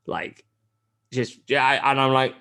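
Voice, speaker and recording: Animated swearing gamer man. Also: measured pace, creaky. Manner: animated storytelling, heavy swearing; acts out character lines in a high voice. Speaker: podcast host. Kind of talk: casual gaming chat.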